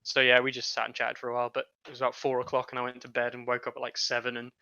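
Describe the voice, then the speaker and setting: Bright-voiced, slightly drunk joking man. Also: mid-range voice, monotone, very fast, no echo, highs cut off. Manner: joking, rambling, self-deprecating. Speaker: commentator and co-host. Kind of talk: casual live stream commentary.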